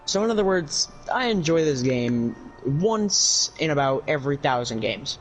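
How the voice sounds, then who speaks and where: A man's voice: on the high side, big pitch swings, moderate pace, soft background music, poor audio. A man streaming a video game, ranting about it in profane, frustrated commentary. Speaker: gaming streamer. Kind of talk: casual livestream commentary.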